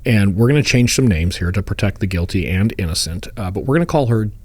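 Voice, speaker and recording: A man's voice: fairly low pitch, lively intonation, fast, dry recording. A man co-hosting a true-crime podcast, retelling a case in a casual, joking way and slipping into voices for the people involved. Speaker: podcast co-host.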